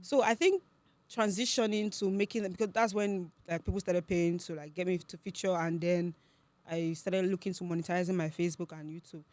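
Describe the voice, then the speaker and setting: A woman's voice: lowish voice, no echo. Chatty young Nigerian woman, dry sound. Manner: chatty, animated storytelling with quick laughs. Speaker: podcast guest. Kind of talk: casual interview chat.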